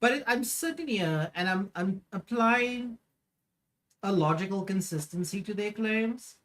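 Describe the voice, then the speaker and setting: A woman's voice: mid-range voice, lively intonation, unhurried, a bit bright. A woman streamer reacting to clips in a profane, mocking rant, swearing heavily.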